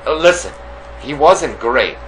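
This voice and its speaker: A man's voice: medium pitch, expressive, measured pace, a little hiss or hum, rough recording. A man with a New York accent co-hosting a casual radio show, rambling with lots of fillers and hesitations. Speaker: co-host. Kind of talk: casual podcast chat. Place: small hot room with air conditioning.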